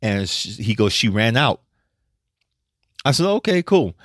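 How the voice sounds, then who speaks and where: A man's voice: fairly low pitch, sing-song, measured pace, fairly bright tone, no echo, clean studio sound. A man hosting a podcast, talking casually and bluntly, swearing freely and laughing often. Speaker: podcast host.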